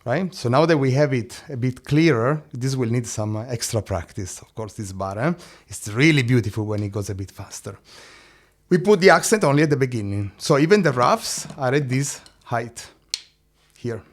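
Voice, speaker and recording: A man's voice: medium pitch, animated, normal speed. A man teaching a drum lesson, counting beats aloud, singing drum syllables and checking in with "no?" and "eh?".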